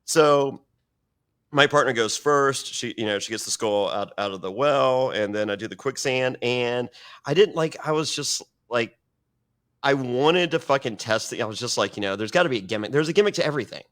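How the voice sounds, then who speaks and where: A man's voice: mid-range voice, expressive, normal speed, a bit bright. A man telling a story on a podcast, rambling and swearing, acting out other people's lines as he goes. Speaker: guest telling stories.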